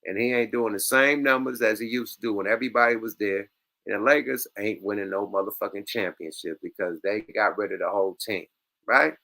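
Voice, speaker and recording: A man's voice: on the low side, a little fast, creaky. A man hosting a reaction show, talking in loose, profane casual commentary with street slang. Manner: animated, laughs loudly, loose street slang. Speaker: show host reacting to clips.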